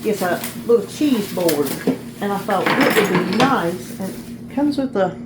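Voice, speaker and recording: A woman's voice: medium pitch, expressive, measured pace, heavy background noise. A woman, chatting casually and folksily in a vlog, laughing easily, recorded on a phone camera in a car and at home. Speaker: vlogger.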